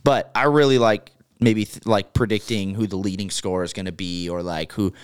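Low, smooth-voiced man chatting sports. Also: a little fast, no echo, clean studio sound. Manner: animated, laughing, repeats words. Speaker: podcast co-host. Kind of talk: casual sports chat.

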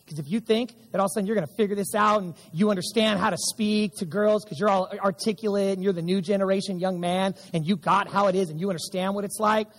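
A man's voice: high-pitched, fairly even intonation, fast talker, hardly any pauses. A middle-aged male pastor preaching an emphatic sermon, repeating lines and calling back to the congregation. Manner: emphatic preaching with repeated audience call-and-response. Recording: church sanctuary with long reverb.

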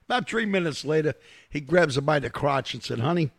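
A man with a New York accent, co-hosting a podcast and telling crude bar jokes in a casual, swearing way, his voice gravelly and husky. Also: on the high side, lively intonation, brisk. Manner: crude, drops to a mutter mid-story then laughs loudly at punchlines.

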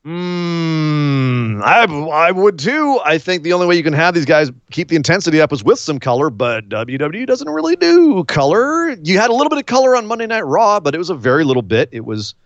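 Animated sarcastic man, lively pitch. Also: fairly quick, no echo. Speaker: podcast host. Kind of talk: casual wrestling podcast chat. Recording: slightly dull lo-fi sound.

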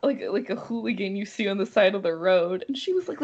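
A young woman co-hosting a podcast, chatting casually, giggling and animated as she tells stories. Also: mid-range voice, fairly quick, few pauses, lo-fi sound. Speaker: podcast co-host.

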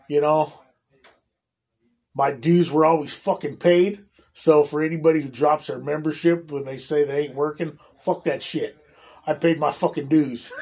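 Husky-voiced man, profane and rambling. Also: on the high side. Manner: profane, rambling, swearing constantly. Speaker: union electrician guest. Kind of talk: casual storytelling chat.

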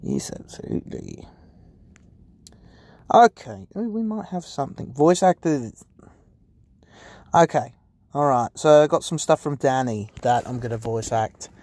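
Casual podcast host, profane and self-mocking, slow, animated pitch, dry sound. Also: dry recording. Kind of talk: casual live chat, taking requests.

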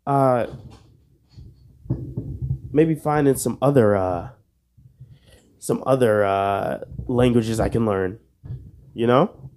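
A man's voice: mid-range voice, slow, pauses often, darkish tone. A young man hosting a casual solo podcast, joking and self-mocking, swearing under his breath while he plays a quiz. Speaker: podcast host.

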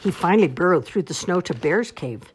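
A woman reads a children's storybook aloud in a low voice. Her pitch rises and falls with lively expression. The telling is slow and careful. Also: slight background noise. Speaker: storybook reader.

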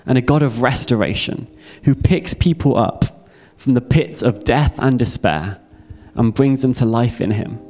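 A man's voice: medium pitch, a little slow, hardly any pauses, a little mellow, faint music behind. A young man speaks in a mid-range voice, delivering a heartfelt testimony sermon. His telling is earnest and personal, and he circles back to key phrases to drive them home. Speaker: youth speaker.

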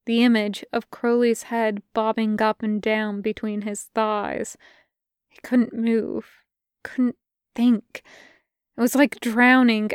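A woman narrating a fan fiction audiobook in a measured, intimate way, close to the mic. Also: fairly high pitch, clean tone, dry recording. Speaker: podfic reader.

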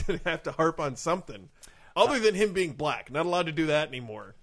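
A male comedy podcast co-host with a wry, playful manner, ribbing his guest. His voice is fairly high and animated in its pitch. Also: a little fast.

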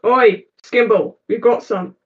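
An offhand child, voiced by a woman speaks in a casual, shrugging way during a tabletop game. The voice is slow and a little high, and the recording sounds dull and lo-fi.

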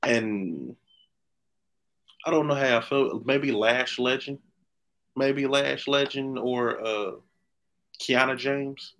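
A man co-hosting a podcast in casual chat, animated and opinionated, often restarting his sentences. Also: medium pitch, takes it slowly, pauses often. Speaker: podcast co-host.

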